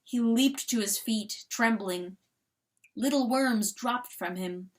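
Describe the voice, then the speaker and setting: A woman giving a slow, intense dramatic reading of a novel as the channel's reader. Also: on the high side. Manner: slow, intense, expressive narration. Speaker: audiobook reader.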